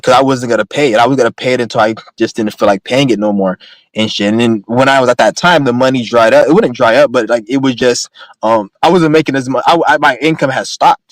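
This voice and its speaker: A man's voice: medium pitch, no echo, low-quality recording. A young man in a casual, profane, rambling rant, speaking bluntly to his viewers. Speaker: vlogger.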